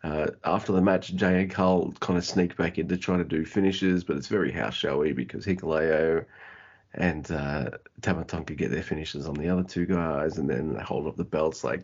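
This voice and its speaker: A man's voice: extremely low pitch, steady tone, normal speed, husky. A man co-hosting a casual wrestling chat, laughing easily as he runs through the match card. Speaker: podcast co-host. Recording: dull lo-fi audio.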